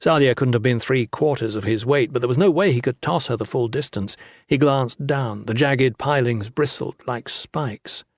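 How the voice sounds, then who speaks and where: A man narrating a fantasy audiobook with steady, dramatic storytelling on a close studio mic. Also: medium pitch, normal speed, no room sound.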